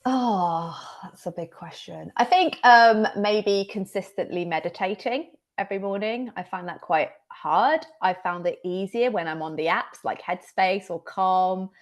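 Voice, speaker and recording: A woman's voice: mid-range voice, a little slow, hardly any pauses. A woman taking part in an online workshop on a video call, answering thoughtfully. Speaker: workshop participant. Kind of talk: casual chat.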